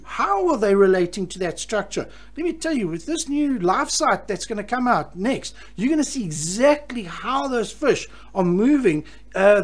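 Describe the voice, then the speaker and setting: Chatty, enthusiastic male live-stream host. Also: sits high. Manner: chatty and enthusiastic, frequent restarts. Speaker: host of a live fishing electronics show. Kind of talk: live-stream chat reading viewer comments.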